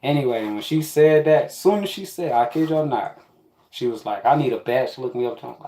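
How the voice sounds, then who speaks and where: A man's voice: on the high side, quick pace, echoey room. A man telling a rambling, profane personal story in a casual spiritual monologue. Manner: profane, rambling, animated with quoted asides.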